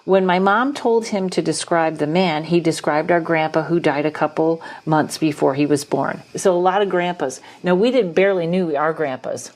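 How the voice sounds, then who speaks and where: A woman's voice: deep voice, normal speed, hardly any pauses, darkish tone. A woman hosting a casual podcast, chatting with her sister and reading articles aloud with joking asides. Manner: chatty, laughs easily, reads with asides. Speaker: podcast host.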